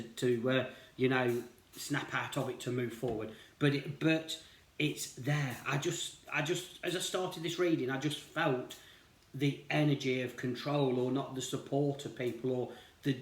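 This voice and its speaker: Rambling, reassuring male tarot reader. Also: medium pitch. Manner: rambling, reassuring, peppered with "you know". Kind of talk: casual spiritual tarot reading. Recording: roomy echo.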